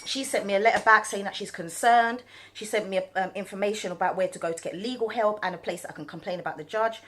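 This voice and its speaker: Mum ranting to camera, husky breathy voice, kinda rambly. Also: female voice, medium pitch, fast talker, a bit bright. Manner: indignant, rambling storytelling. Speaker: vlogger and small business owner. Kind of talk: casual chat to camera.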